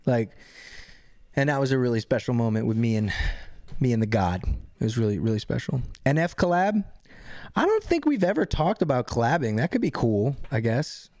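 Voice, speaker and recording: A man's voice: medium pitch, no room sound, clean studio sound. A man on a livestream answering fan questions, telling rambling stories full of swearing and restarts. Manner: profane, excited, rambling with many restarts. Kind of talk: casual storytelling Q&A.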